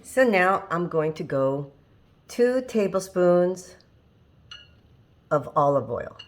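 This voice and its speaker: A woman with a somewhat low voice talks her viewers through a recipe in her home kitchen. She is chatty and down to earth and quick to laugh at her own mishaps. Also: lively intonation. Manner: chatty, homey, laughs at herself. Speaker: home cooking channel host. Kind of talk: casual cooking demonstration.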